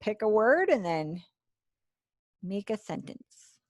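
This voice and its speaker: A woman's voice: medium pitch, big pitch swings, takes it slowly, no echo, clean studio sound. A woman teaching a sign language class over a video call, chatty and encouraging, praising students as she goes. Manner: chatty asides to herself. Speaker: ASL teacher.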